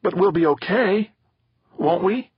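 A man's voice: sits high, lively intonation, unhurried, slightly rough, lo-fi sound, pitched above the performer's own voice, full character voice. A man voicing a frightened teenage girl who pleads anxiously, in a storybook reading.

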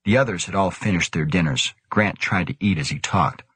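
A man narrating an audiobook in a steady, even way. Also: low voice, a little fast, husky, no room sound.

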